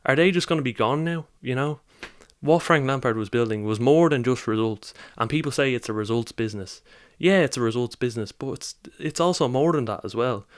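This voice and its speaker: A man's voice: mid-range voice, brisk, dry recording, studio quality. A man, running a football channel, reacting in an upset, rambling and heartfelt vlog. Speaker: football vlogger.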